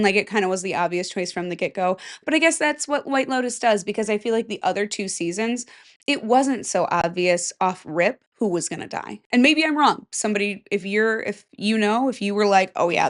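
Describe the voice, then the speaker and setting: A young adult woman hosting a podcast alone, rambling in casual chat with lots of fillers and self-corrections. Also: medium pitch. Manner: rambling, chatty, self-interrupting with fillers and laughs. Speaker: podcast host.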